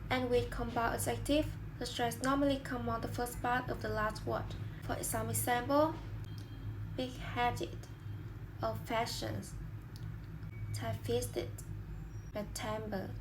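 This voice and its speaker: A woman's voice: on the high side, fairly even intonation, moderate pace, hardly any pauses. A young woman student presenting a class lesson on word stress, reading out a prepared explanation with some slips. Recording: clear background noise.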